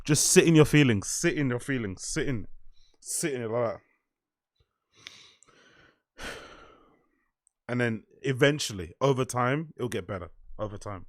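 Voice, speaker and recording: A man's voice: medium pitch, animated, a little slow, pauses often, no echo, clean studio sound. A young man, hosting a casual livestream, reading chat aloud and swearing freely. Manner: laid-back, swearing, laughs often, reads chat aloud. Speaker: livestream host.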